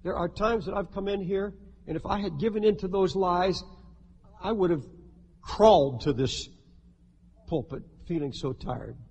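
A man's voice: sits high, normal speed, long pauses, a little mellow, long reverb tail, a little hiss or hum. A pastor preaching an emphatic sermon from the pulpit, firing rhetorical questions at his congregation. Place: church sanctuary with a congregation.

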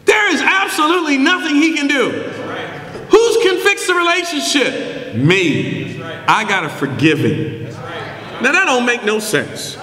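A man preaching a sermon as pastor, emphatic and building to shouts, with call-and-response questions to the congregation. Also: very high voice, big pitch swings, measured pace. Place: church sanctuary. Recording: echoey hall reverb.

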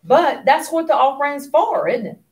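An animated woman with a high voice teaches economics at a moderate pace, asking the class questions and going nearly to a whisper for asides. The microphone sits far away in a spacious classroom.

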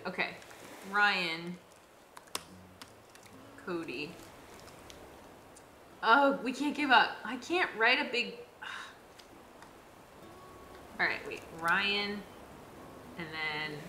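A woman's voice: mid-range voice, expressive, very slow, long pauses, reverberant, background noise. A young woman streaming a game live, chatting with viewers and sounding exasperated.

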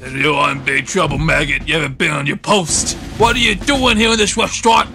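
Guy putting on a yelling drill sergeant, barky and mean, game fan dub. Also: fairly high pitch, a little fast, creaky, faint music behind, pitched below the performer's own voice. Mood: barking. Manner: barking, shouting. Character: shouting angry male drill sergeant.

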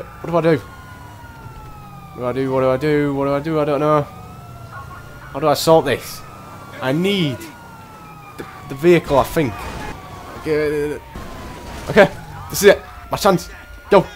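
A man commentating his own gameplay, exclaiming and muttering to himself in bursts. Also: on the high side. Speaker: gameplay streamer.

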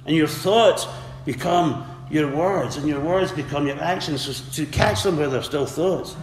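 A man's voice: on the high side, a little slow, a little hiss or hum. A man preaching a sermon earnestly, repeating words and calling out for amens. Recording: echoey hall with faint ambience.

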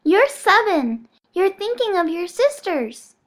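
A woman's voice: extremely high pitch, sing-song, slow, pitched above the performer's own voice, exaggerated voice. A woman voicing a sweet but menacing young girl surgeon, coaxing in a sing-song way.

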